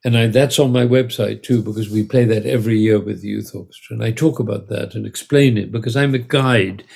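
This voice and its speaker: Gravelly older man telling stories. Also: on the low side, fairly quick. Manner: animated anecdotes with acted-out voices. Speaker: conductor and music educator. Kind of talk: storytelling in an interview.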